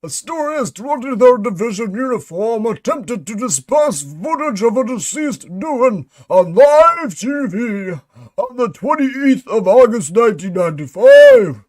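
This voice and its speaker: In a dramatic reading of a mystery log, a man uses a full character voice for male employee number fifty-three, a conspiracy-minded agent delivering a theatrical, urgent report. The voice is extremely high-pitched and sing-song, at a measured pace, with a conspiratorial mood.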